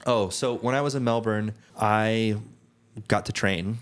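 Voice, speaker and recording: Low-voiced young man telling stories. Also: measured pace, clear, resonant tone. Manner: rambling, many restarts and "like" fillers. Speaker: podcast co-host. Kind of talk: casual chat, storytelling.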